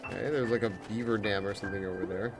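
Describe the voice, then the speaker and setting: A man's voice: lowish voice, steady tone, fast. A young man streaming a video game, musing casually to himself and his chat, with lots of filler words. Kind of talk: live gameplay commentary. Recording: game music underneath.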